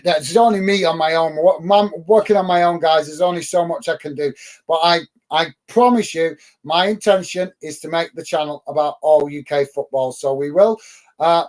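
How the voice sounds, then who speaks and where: A middle-aged English man with a fairly high, slightly mellow voice hosts a live football watch-along for his channel. He talks casually with viewers, gets fired up and emphatic about rival fans, and peppers his speech with ums and uhs.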